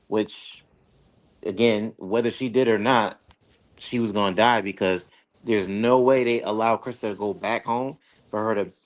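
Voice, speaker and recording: A man co-hosting a casual reaction chat, laying out his reasoning bluntly and matter-of-factly. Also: on the low side. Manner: lays out long reasoning, blunt and matter-of-fact. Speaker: reaction show co-host.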